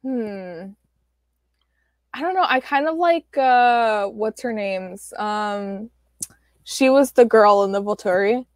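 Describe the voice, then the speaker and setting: A woman's voice: mid-range voice, takes it slowly, no room sound, studio quality. A young woman co-hosting a podcast in casual chat, bubbly, laughing often and filling her talk with "like". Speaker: podcast co-host.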